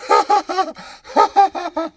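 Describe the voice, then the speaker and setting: A man voicing a giggling, shrill-voiced male comic who emcees and cackles between lines. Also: steady tone, very slow, fairly bright tone, no echo, full character voice. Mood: giggly.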